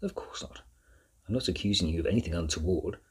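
A man voicing a scheming aristocratic earl who talks smoothly and turns clipped and curt. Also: sits low, animated, fast talker, a little mellow, exaggerated voice. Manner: smooth and clipped, snapping through gritted teeth. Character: scheming aristocratic male earl, cold and controlling.

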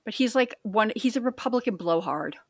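A woman's voice: fairly high pitch, expressive, brisk, no room sound, clean studio sound. A woman co-hosting a podcast in casual chat, rambling and jokey, often stumbling over words. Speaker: podcast co-host.

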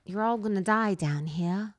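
A woman voicing a menacing little British girl in a loud, clumsy British accent. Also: high-pitched, expressive, unhurried, voice pushed up, exaggerated voice.

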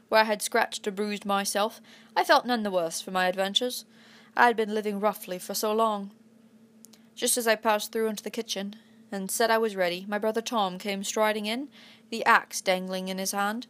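A woman narrating a classic adventure novel aloud in an imitated English accent, in steady first-person storytelling. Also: medium pitch. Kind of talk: storybook reading.

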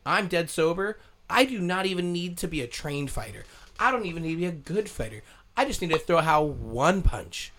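This man co-hosts a casual podcast chat, blunt and joking, swearing freely. He speaks at a moderate pace in a fairly high, sing-song voice with a fairly bright tone.

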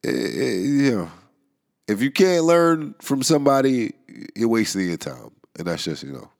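A man's voice: mid-range voice, big pitch swings, normal speed, creaky. A man hosting a podcast in a casual monologue, nasal and stuffy from a cold, rambling wryly and chuckling between thoughts. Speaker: podcast host. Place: New York area.

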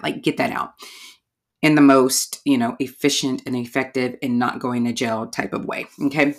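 Casting: low-pitched woman, chatty solo podcast host, candid and conversational. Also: a bit bright. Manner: chatty, candid, addresses listeners as y'all. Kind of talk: casual podcast monologue.

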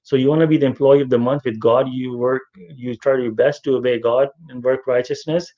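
An earnest man guides a religious study session. His voice sits at an ordinary middle pitch, and he circles back over phrases for emphasis. The sound is dull and lo-fi, like an online voice call. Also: steady tone, brisk. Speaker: study group leader. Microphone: online voice chat.

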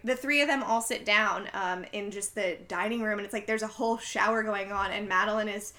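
A woman's voice: mid-range voice, steady tone, fairly quick, pushed and bright. A woman casually recapping a film's scenes, chatting with many fillers.

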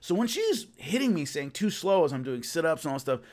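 A man's voice: on the high side, very animated, quick pace, darkish tone. A man casually telling a long rambling story about filming, with many restarts. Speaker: host recalling filming a fight show.

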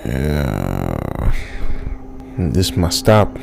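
A man's voice: a bass voice, big pitch swings, extremely slow, creaky, slight background noise, voice pushed down, full character voice. A man doing a grave old vampire hunter.

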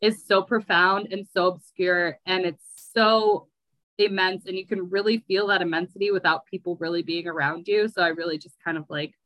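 A woman's voice: on the low side, steady tone, moderate pace, fairly bright tone, no room sound, poor audio. A woman from the United States in a casual interview, talking in a rambling, chatty way with lots of "like". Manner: chatty, rambling, heavy use of "like". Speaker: guest.

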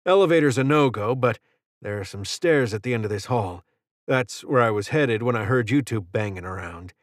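A man's voice: mid-range voice, expressive, moderate pace, no room sound, clean studio sound, lightly acted. A man voicing a wounded, wry male soldier in an audiobook, terse and short of breath. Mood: gruff.

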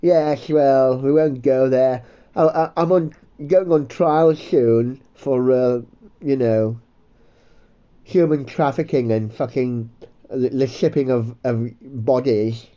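A man voicing a pompous, prim male alter ego awaiting trial, speaking in a measured, evasive way. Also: medium pitch, fairly even intonation, mellow, lo-fi sound, natural voice.

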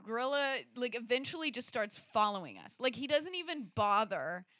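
A woman tells a personal story in a bright, forceful voice that sits a little high. She talks animatedly, packing in fillers and restarts. The sound is close and dry. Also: big pitch swings, normal speed, no room sound. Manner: acts out quoted lines, rising into shrieks. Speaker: storyteller in a conversation. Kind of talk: casual personal anecdote.

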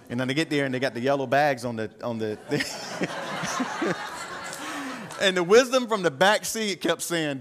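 Male pastor, middle-aged, easygoing sermon delivery with asides to the room, mid pitch. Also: animated, moderate pace, a bit bright. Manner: conversational preaching with asides to the congregation; repeats words when searching for the next phrase.

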